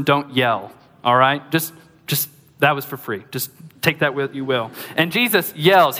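A man preaching a sermon as pastor, lively and conversational, with joking asides to the congregation. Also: on the high side, in a large hall.

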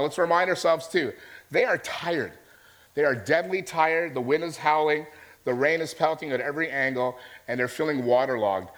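A man preaching to his congregation, his voice sitting a little on the high side. He tells the story as a conversation, often pausing to check that his listeners are following him. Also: fairly bright tone. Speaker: pastor. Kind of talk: sermon.

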